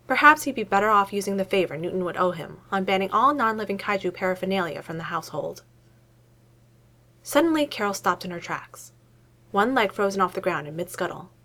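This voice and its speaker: A woman narrates a story aloud with a lively, animated lilt in her voice. Her delivery is expressive, giving the prose a storyteller's rise and fall. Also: mid-range voice, brisk. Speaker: story reader. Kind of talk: reading fiction aloud.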